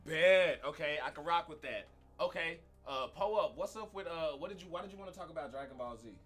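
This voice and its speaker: Bright-voiced slangy podcast guy. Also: fairly high pitch, expressive, fast talker. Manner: laid-back, slangy, interjects to steer. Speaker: podcast co-host. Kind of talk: casual podcast chat.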